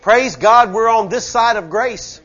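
High-voiced fervent male preacher. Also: a little slow, fairly bright tone, highs cut off. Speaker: pastor. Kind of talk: sermon. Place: church service.

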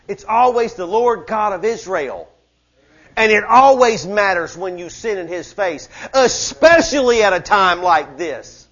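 The recording is dull, capturing a pastor whose high-sitting voice swings widely in pitch as he preaches a little slowly. His sermon is fervent and conversational, moving from hushed asides to shouted questions with the congregation calling back.

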